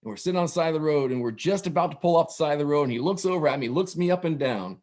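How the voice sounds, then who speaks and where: Man, comic storyteller, raised voice, swearing, animated. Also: a little high, rapid-fire. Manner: profane, animated, laughing asides. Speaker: guest storyteller. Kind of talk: comedic storytelling.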